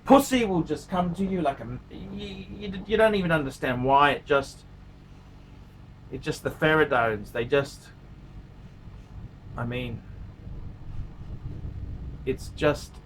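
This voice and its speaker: A channel host talks about watches in an offhand vlog monologue, pressing his points, repeating them, and mixing crude gags with pleading asides. His voice runs high and a bit bright, with slight background noise.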